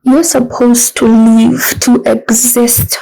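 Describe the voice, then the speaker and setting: A woman's voice: a little high, level tone, slow, gravelly, dark tone, poor audio. A woman delivering an emotional spiritual monologue, speaking with passion, her voice breaking into tears at times and turning mocking when she voices harsh inner self-talk.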